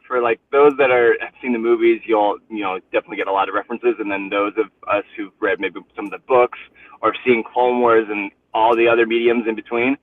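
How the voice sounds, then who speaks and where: A man calling in to a livestream and telling a lively story with frequent laughter. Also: fairly low pitch, recorded from a distance. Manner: animated storytelling, laughing often. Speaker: guest caller. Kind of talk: casual chat. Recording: tinny phone-like line.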